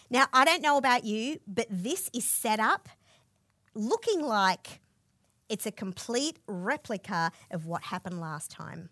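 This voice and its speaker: A woman preaching a sermon in a fairly high voice that swings up and down, vivid and expressive as she walks through a scripture story. The recording is dry and close, with no room sound. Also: unhurried, no room sound. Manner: expressive storytelling, asks listeners to imagine the scene.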